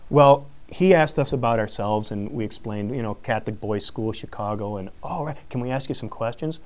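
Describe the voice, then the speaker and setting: A man, a high school teacher, giving a live conference talk, telling a story and acting out each exchange with frequent laughs. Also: fairly quick. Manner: animated storyteller, acts out quotes, laughs often.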